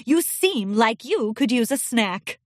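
A woman voicing a regal, commanding adult female pony princess in a storybook reading, with a high, lively voice. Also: unhurried, dry recording, studio quality. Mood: gentle. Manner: booming, regal.

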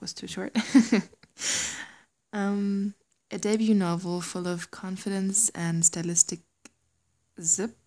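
A woman's voice: fairly low pitch, darkish tone. A woman casually reading aloud, often hesitating and stumbling over words with self-deprecating asides.

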